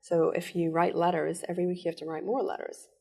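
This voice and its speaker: A woman giving an earnest personal account in an interview, telling it in rushed bursts. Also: on the low side, level tone, vocal fry, warm tone, husky. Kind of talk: personal testimony.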